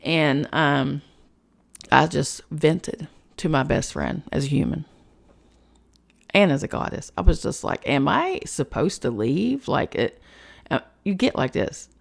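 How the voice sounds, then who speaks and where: A woman's voice: sits low, a little slow, vocal fry, pauses often. A woman hosting a spiritual podcast, talking in a frank, emotional personal monologue, swearing freely and chatting with lots of fillers.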